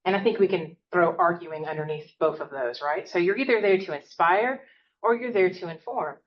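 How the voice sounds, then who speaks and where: Fast-talking Southern woman professor. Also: on the low side, roomy sound, lo-fi sound. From American South. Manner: fast-talking, chatty, often adds "right?". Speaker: college professor. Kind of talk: interactive workshop talk. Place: classroom.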